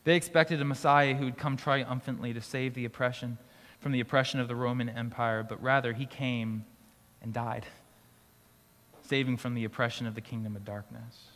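Male pastor, mid-pitched, relaxed conversational sermon, recorded with long hall reverb. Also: moderate pace. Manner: conversational preaching with restarts and light laughs. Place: school auditorium used for church gathering.

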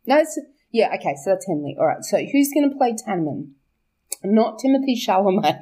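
A woman's voice: mid-range voice, very animated, fairly quick, dark tone. A young woman, chatting casually about her book's characters, laughing often, swearing and correcting herself as she goes. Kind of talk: casual chat.

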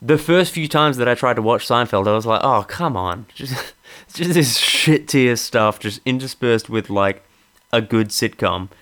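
A man's voice: mid-range voice, unhurried, fairly bright tone. A man hosting a podcast, ranting sardonically and profanely in a rambling, casual way. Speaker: podcast host.

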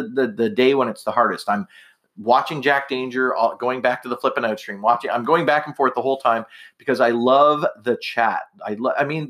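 Rambling through his solo podcast, this host is a little tipsy, his words slightly slurred and full of fillers and restarts. It's a casual chat, delivered by a man whose voice is mid-range and fairly bright.

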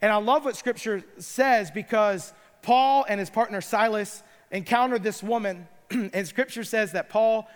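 A man's voice: high voice, a little slow, in a large hall. A middle-aged man preaching a sermon, retelling scripture stories with playful asides. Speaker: pastor.

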